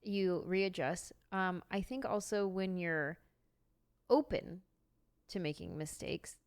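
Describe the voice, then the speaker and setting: A woman's voice: lowish voice, takes it slowly, smooth. A woman hosting a podcast, chatting casually and encouraging her guest. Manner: encouraging, affirming. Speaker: podcast host.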